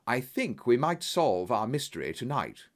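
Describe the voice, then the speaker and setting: A man voicing a calm male detective who speaks in a measured, firm way. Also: mid-range voice, natural voice. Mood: explaining.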